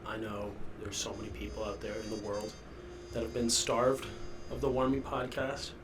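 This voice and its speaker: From a rented house's basement, a sick young man with sniffles hosts a rambling solo podcast, loopy and self-deprecating. His voice sits on the low side with a flat delivery at normal speed, and background noise is audible.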